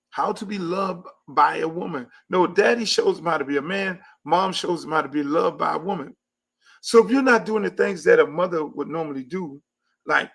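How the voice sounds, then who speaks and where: A man hosting his own podcast in a loose, casual monologue. His voice sits high for a man. He talks bluntly and brashly, swearing freely as he rants. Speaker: podcast host. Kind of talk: casual talk show monologue.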